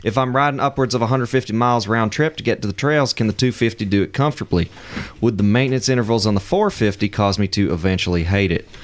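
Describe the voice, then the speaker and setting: A man co-hosting a podcast, reading a listener email aloud in a steady, joking way. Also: lowish voice, fast talker. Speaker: podcast co-host.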